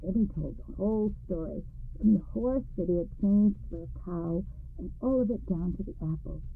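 A woman storyteller and radio host reading a storybook in a gentle, measured way, with a tinny, lo-fi sound. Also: medium pitch, creaky, breathy edge. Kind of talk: scripted storybook narration.

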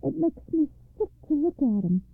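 A scornful noble lady with a short temper, her scolding climbing high and shrill, as a woman reader puts her on. The voice is gravelly and husky. It comes through a dry, tinny, phone-like radio sound. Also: very animated, normal speed, no room sound. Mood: disgusted.

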